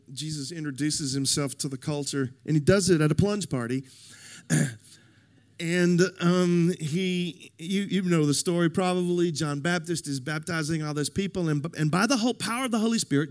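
A middle-aged man preaching a sermon with a notably high voice. He delivers it in an animated way, checking in with his listeners as he goes. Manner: animated preaching, addresses the congregation directly. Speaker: pastor.

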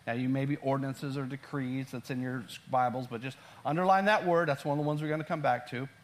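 A man preaching a sermon, reading scripture slowly and emphatically and telling listeners to underline key words in their Bibles. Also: medium pitch, fairly even intonation. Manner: emphatic, slows down to read verses aloud. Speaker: pastor. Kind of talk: sermon teaching through scripture.

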